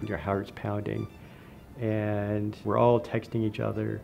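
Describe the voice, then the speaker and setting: A man, a lab scientist, recounting events in a documentary interview in a measured, reflective way. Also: lowish voice, little pitch movement, gravelly, warm tone, faint music behind.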